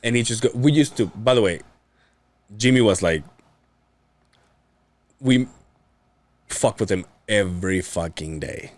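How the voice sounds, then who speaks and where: A man's voice: measured pace, long pauses, no room sound. A man casually telling stories on a podcast, swearing and mimicking other people's voices. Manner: animated, mimics others with high-pitched voices, swears often. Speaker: podcast host. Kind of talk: casual storytelling chat.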